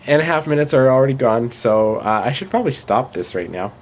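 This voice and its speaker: A Canadian man around thirty, chatting casually to camera in a self-deprecating, rambling vlog full of fillers and pauses. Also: mid-range voice, lively intonation, a little hiss or hum. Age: 30s. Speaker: vlogger. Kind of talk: casual late-night vlog.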